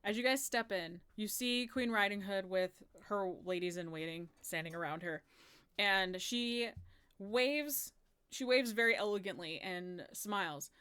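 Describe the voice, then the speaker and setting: A woman runs a tabletop game as its game master. She narrates in a chatty, easy way at a middle pitch and laughs often. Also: measured pace, fairly bright tone, smooth.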